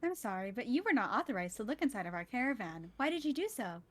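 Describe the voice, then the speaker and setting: Formal, flat-spoken woman player. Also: a little high, quick pace. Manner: formal, flat, literal phrasing. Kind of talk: in-character tabletop game play.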